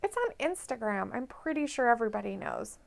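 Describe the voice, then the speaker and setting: A woman's voice: fairly high pitch, sing-song, gravelly. A woman co-hosting a live stream, chatting casually, giggling often and reading viewer comments aloud. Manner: giggly, chatty, quick reactions.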